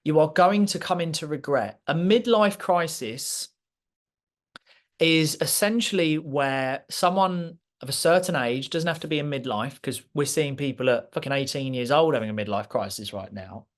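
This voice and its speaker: Guy doing a motivational talk to a crowd, a bit high-pitched, blunt and passionate, says it with authority. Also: normal speed. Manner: direct, emphatic, passionate; speaks clearly and with authority. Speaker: guest speaker. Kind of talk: motivational masterclass talk to a live audience.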